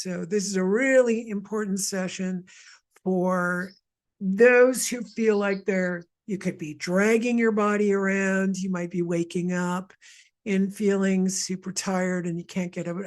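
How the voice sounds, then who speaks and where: Woman from Montreal, mid-pitched, guiding an energy and breathing session in a loose, rambling way. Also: darkish tone. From Montreal, Canada. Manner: chatty, rambling, with many asides and restarts. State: mild asthma. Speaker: energy healer leading a session. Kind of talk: guided wellness session.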